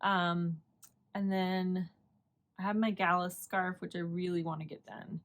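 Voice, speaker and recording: A woman's voice: on the low side, little pitch movement, a little slow. A woman hosting a knitting podcast in casual chat, rambling and chatty and laughing often.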